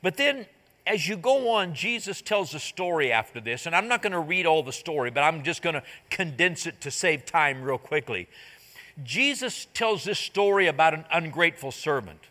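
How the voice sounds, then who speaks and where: A man's voice: on the high side, big pitch swings, moderate pace, sharp tone, big-room sound. A man preaching a sermon, retelling a parable in plain modern speech and briefly acting out its characters. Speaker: pastor. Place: church sanctuary.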